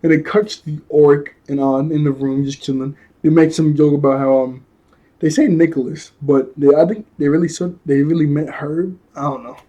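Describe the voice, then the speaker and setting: Male reviewer, slightly high mellow voice, slangy, casual, chuckles often. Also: fairly even intonation, moderate pace, highs cut off. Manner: loose slangy talk, frequent chuckles and fillers. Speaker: episode reviewer. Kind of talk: casual cartoon episode review.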